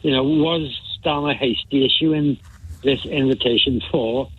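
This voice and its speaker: A man calling in to a talk show, talking haltingly with many restarts. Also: medium pitch, slightly rough, dry recording. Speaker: caller. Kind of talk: phone-in chat. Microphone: phone. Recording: tinny phone line.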